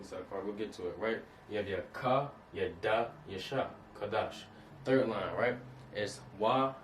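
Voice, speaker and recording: A man's voice: lowish voice, far from the mic, slight background noise. A man teaching Hebrew words from slides in a casual lesson, often checking that listeners understand. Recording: echoey room, off-mic.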